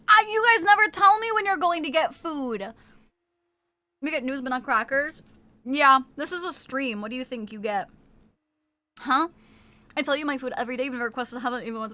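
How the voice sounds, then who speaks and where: Woman, streamer, casual chat, bubbly, high-pitched, bright tone. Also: dry recording. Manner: snacking on crunchy crackers.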